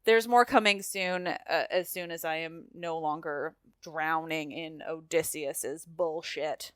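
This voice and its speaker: Smooth-voiced woman podcast host. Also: low-pitched, fairly even intonation, a little slow, no room sound, clean studio sound. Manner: candid, swearing, emotional. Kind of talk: casual podcast chat and outro.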